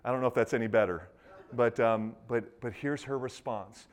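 A man preaching a sermon in a conversational, animated way, acting out the quotes he tells. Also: medium pitch, moderate pace, clear, resonant tone. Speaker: pastor.

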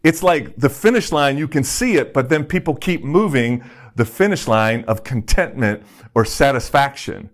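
Hombre predicando con tono conversacional. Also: male voice, medium pitch, expressive, moderate pace. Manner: conversational, self-deprecating preaching with props and acted-out quotes. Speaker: pastor. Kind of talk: sermon.

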